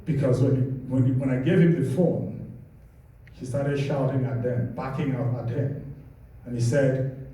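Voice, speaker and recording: A man from Nigeria speaking with a Nigerian accent, somewhere in his late fifties, recounting his own story. His voice is very dark and mellow, and he takes his time, letting each phrase land slowly. He sounds set back from the mic in a very roomy space with a faint hiss. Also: medium pitch, fairly even intonation. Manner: measured, deliberate storytelling. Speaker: speaker giving a personal testimony. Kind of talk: storytelling testimony. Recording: echoey room, distant mic.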